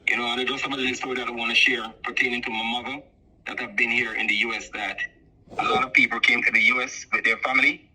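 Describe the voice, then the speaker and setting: A man's voice: mid-range voice, flat delivery, fast talker, sharp tone, slight background noise. A Jamaican man calling in over the phone to tell a long personal story, rambling and repeating "so forth like that.". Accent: Jamaican, softened by years abroad. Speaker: caller. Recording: muffled phone line.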